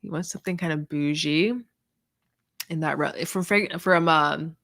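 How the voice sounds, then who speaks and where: A woman hosts a laid-back livestream, answering viewer questions one after another. She talks in a loose, rambling way, stacking "like" and "um" as she thinks aloud. Her voice sits a little low and sounds close and dry, with almost no room around it. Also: steady tone, a little slow, gravelly, fairly bright tone, no echo. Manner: chatty, filler-heavy, lots of "like" and "um". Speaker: fragrance reviewer hosting a livestream. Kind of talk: casual livestream Q&A answering chat.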